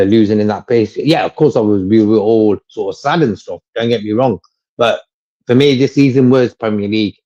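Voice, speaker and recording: A man's voice: on the low side, dark tone. Rambling man on a dull lo-fi stream. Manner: rambling, repeats himself, laughs often. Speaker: co-host of a fan livestream. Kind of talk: casual chat.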